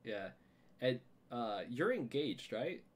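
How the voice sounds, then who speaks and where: Animated man hosting a chatty podcast. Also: mid-range voice, slow pace. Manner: animated, laughs a lot, restarts words, says "like" often. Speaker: podcast host. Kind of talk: casual chat.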